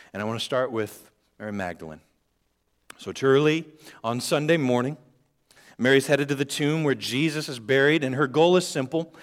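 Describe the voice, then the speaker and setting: A man preaching a sermon, shifting between quiet and loud passages and joking with the congregation. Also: mid-range voice. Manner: dynamic, swings from quiet to loud. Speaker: pastor.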